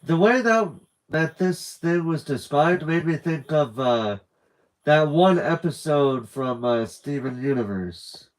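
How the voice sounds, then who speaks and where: A man's voice: on the high side, lively intonation, takes it slowly, low-quality recording. A man reading a novel aloud on a live stream, casually breaking off for rambling side comments. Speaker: novel reader.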